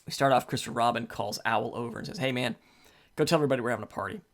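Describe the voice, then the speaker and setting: A man in his forties, co-hosting a podcast, retelling a book in a relaxed, rambling way. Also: medium pitch, rapid-fire. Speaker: podcast co-host. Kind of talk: casual book discussion.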